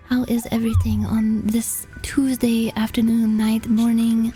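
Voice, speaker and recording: A woman's voice: fairly high pitch, measured pace, hardly any pauses, mellow, faint music behind. A woman streamer in casual chat, rambling and laughing, with lots of "like" fillers. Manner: rambling and laughing, heavy use of "like".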